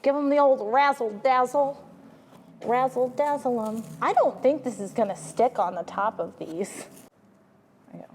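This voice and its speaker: A woman's voice: sits high, normal speed, long reverb tail, slight background noise. A woman chatting playfully while she cooks, joking and rambling through asides. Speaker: home cook vlogger. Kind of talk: casual cooking vlog chat.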